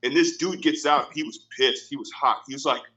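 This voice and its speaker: A man's voice: mid-range voice, a little fast, pushed and bright, highs cut off. A man hosting a casual podcast, telling stories animatedly and repeating his phrases. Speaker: podcast host.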